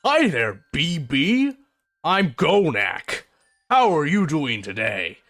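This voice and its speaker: A man doing a gentle, friendly half-orc. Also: high voice, sing-song, slow pace, slightly rough, pitched above the performer's own voice, heavily acted. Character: burly male half-orc with warhammer, friendly, gentle with animals.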